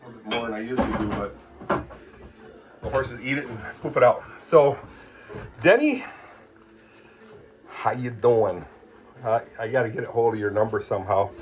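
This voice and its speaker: A middle-aged man from Michigan, talking in a rambling, chatty way and often clearing his throat. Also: medium pitch, darkish tone. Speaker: vlogger. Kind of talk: rambling casual chat.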